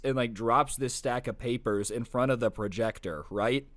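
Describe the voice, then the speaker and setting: A man narrating a storytime video in a casual, animated way, full of slangy asides. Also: medium pitch, moderate pace, hardly any pauses, no room sound. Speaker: storytime YouTuber.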